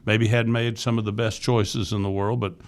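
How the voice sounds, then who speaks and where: Flat in delivery and fairly low in pitch, a man speaks at a moderate pace. A podcast guest in his sixties from Florida, USA, who leads a youth ministry, he tells his life story candidly and earnestly in casual interview style, restarting often.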